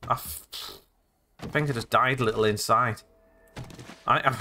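A man's voice: mid-range voice, steady tone, moderate pace, pauses often, pushed and bright, a little hiss or hum. A man doing jokey, rambling let's-play commentary with sudden exclamations as he plays. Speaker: gaming let's-play host. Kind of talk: casual gameplay commentary.

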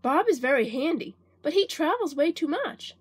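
A woman voicing a friendly, calm young mother in a storybook reading. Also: high voice, moderate pace, voice pushed up.

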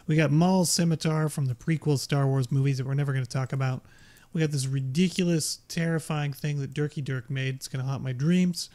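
A man giving excitable, chatty commentary over his own gameplay, exclaiming often. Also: fairly high pitch, a little fast. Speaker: gaming YouTuber. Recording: game gunfire behind voice. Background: game gunfire and explosions.

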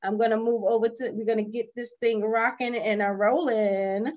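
A woman hosting a virtual spa session over a video call, energetic and cheery, calling out to her viewers. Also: fairly high pitch, normal speed, dull audio. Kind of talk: lively livestream chat.

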